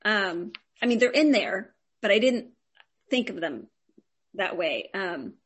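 A woman's voice: mid-range voice, expressive, takes it slowly, husky. A woman student sharing in class, hesitant and full of fillers.

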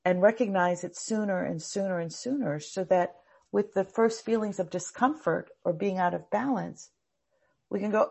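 A woman's voice: medium pitch, moderate pace, creaky, darkish tone, husky. A middle-aged woman teaching a live class on anxiety, earnest and prone to repeating words as she thinks.

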